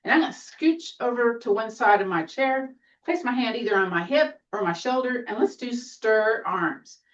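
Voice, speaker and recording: A woman teaching a seated tai chi class, giving gentle, encouraging cues with playful exclamations. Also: fairly high pitch, animated, normal speed, far from the mic, lo-fi sound. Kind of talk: guided exercise class.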